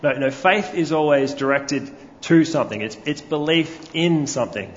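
Male preacher with a slightly high voice, storytelling sermon, dull lo-fi hall recording. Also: normal speed, a little hiss or hum. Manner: storytelling, asks the congregation questions. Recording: lo-fi recording with long hall reverb.

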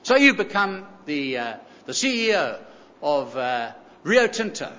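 Aussie preacher guy, high lively voice, keeps hammering the point, bit dull echoey hall sound. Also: unhurried. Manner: emphatic, repeats key phrases, rhetorical questions. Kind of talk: sermon.

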